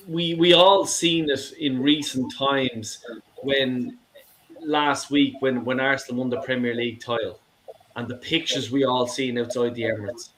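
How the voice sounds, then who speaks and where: A man's voice: medium pitch, a bit bright, a little hiss or hum. A middle-aged man calling in to a show, ranting with passion, swearing and stumbling over repeated words. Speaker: caller. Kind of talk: heated phone-in rant.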